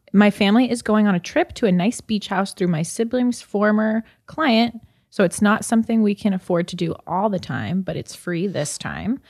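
A woman co-hosting a podcast, reading a listener's letter aloud in a steady, even way. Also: lowish voice.

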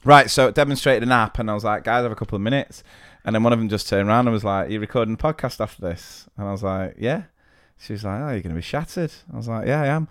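A man's voice: on the low side, quick pace, a bit bright, no echo, studio quality. A man co-hosting a podcast, chatting casually and teasing his co-host. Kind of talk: casual chat.

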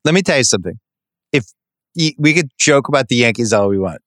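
A man talks sports with a friend in loose, animated banter, stopping and restarting his sentences as he gets worked up. His voice is bright and forceful, and the sound is dry and close. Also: mid-range voice, quick pace, dry recording. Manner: animated, ranting, self-interrupting. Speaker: sports podcast host.

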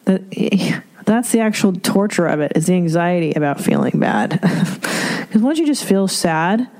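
A woman's voice: on the low side, expressive, a little slow, darkish tone. A middle-aged woman hosting an advice podcast, talking candidly and profanely with laughs and rhetorical asides. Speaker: podcast host giving advice. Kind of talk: casual advice podcast monologue.

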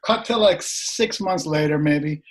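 Middle-aged man, slightly hoarse, higher voice, animated storytelling, video call. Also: measured pace. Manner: animated, laughs while telling anecdotes. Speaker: guest musician. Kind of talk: casual storytelling.

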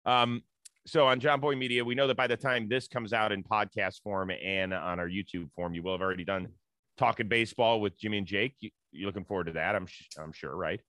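A man's voice: fairly low pitch, steady tone, a little fast, a bit bright, no echo. A man hosting a podcast, trading casual banter and plugging upcoming episodes with a chatty manner. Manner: chatty, hypes guests and sign-offs. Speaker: podcast host.

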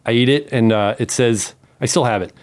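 A man from Memphis telling a long story as a podcast guest, animated, acting out the quotes and swearing freely. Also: mid-range voice, fairly quick. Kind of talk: casual storytelling.

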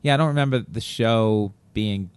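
A man's voice: on the low side, normal speed, a little mellow, clear, resonant tone, no room sound. A man co-hosting a casual chat. He prompts the guest and cracks jokes. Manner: prompting, joking.

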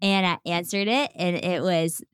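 Lively young woman, dramatic storyteller. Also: on the low side, a little slow, smooth, no room sound, clean studio sound. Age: young adult. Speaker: podcast guest. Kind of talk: casual interview conversation.

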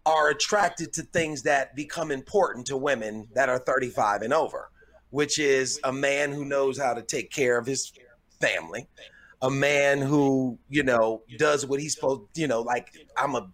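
A male comedian chats on a casual podcast, rambling, restarting his sentences, and bragging with humor as he corrects himself. His voice is mid-range and fairly bright, at a moderate pace.

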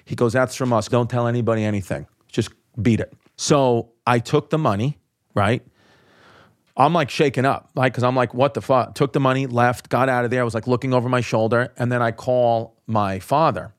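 A man, a comedian guest on a podcast, telling a story in quick, profane bursts and acting out the people he quotes. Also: medium pitch, steady tone. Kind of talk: animated storytelling.

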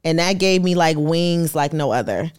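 A woman in her thirties, a podcast guest, telling her story in a lively, animated way and acting out the people in it. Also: sits low, normal speed, clean tone. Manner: lively storyteller who acts out quoted voices. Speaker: podcast guest, artist and entrepreneur. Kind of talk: animated storytelling in casual conversation.

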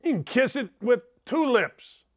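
Ranting from a home studio, a middle-aged sports talk host sounds animated in a very high voice at a measured pace. His delivery is emphatic, sarcastic and digressive.

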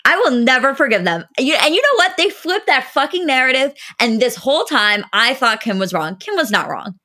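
A woman's voice: sits high, very animated, normal speed, sharp tone. A woman co-hosting a podcast, talking bluntly and emphatically in casual chat, swearing freely. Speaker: podcast co-host.

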